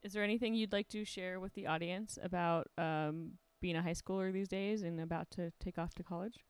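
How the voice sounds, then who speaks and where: A woman hosting a casual interview, teasing and firing quick questions. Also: on the low side, fairly even intonation, smooth, dry recording. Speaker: host.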